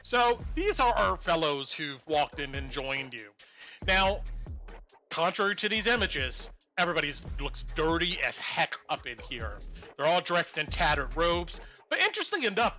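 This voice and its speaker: A man's voice: fairly high pitch, sharp tone. A man narrating as game master of a tabletop game, rambling with lots of likes and ums.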